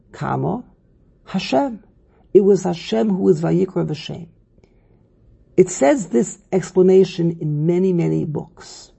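Guy teaching a text, dark husky voice, keeps repeating himself. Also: high-pitched. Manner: repeats phrases, restarts while explaining. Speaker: Torah teacher. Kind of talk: text study lecture.

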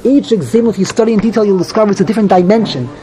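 Guy teaching a talmud class, higher voice, rattles off hebrew then explains, lots of restarts. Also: lively intonation, warm tone, low-quality recording. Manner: rapid, mixes Hebrew phrases with English explanation, frequent restarts.

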